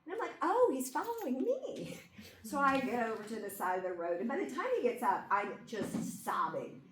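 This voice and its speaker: A woman's voice: medium pitch, very animated, a little fast. A woman giving a classroom lecture in a conversational way, often checking in with her listeners by asking 'okay?' and 'right?'. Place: lecture room. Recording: echoey room, mic far off, faint background hum.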